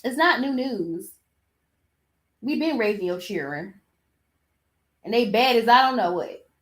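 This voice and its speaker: Sassy woman podcaster, voice sits a bit high, talks back at clips. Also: lively intonation, measured pace. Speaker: podcast host. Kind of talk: casual commentary.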